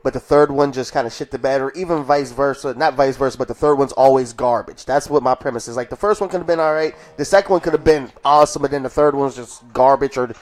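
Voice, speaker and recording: A man's voice: mid-range voice, fast, hardly any pauses, a little mellow. A man co-hosting a casual podcast, emphatic, stumbling over and repeating words. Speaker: podcast co-host. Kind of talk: casual chat.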